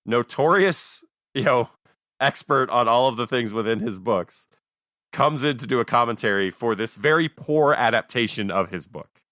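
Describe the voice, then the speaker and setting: A man co-hosting a podcast, telling a story in an animated way with dry, sarcastic asides. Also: medium pitch, moderate pace, dry recording. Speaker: podcast co-host. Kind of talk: casual chat.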